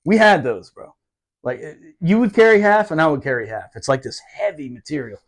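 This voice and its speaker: A man's voice: a little high, fairly quick. A man in his forties, a Marine veteran hosting a podcast, telling stories in casual chat with lots of swearing and laughter. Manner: animated, profane, laughs often while telling stories.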